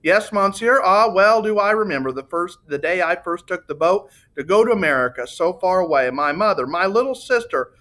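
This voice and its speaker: A man's voice: high voice, expressive, moderate pace, hardly any pauses, sharp tone, pitched above the performer's own voice. A man voicing a voluble, boastful Italian car salesman who talks on and on. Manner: gushing, eager, talks on and on.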